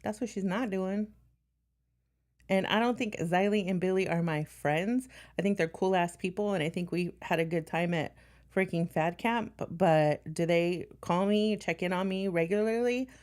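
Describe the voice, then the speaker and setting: A woman's voice: fairly low pitch, normal speed, a little mellow. A woman talking on a casual livestream in a blunt, defiant way, swearing often.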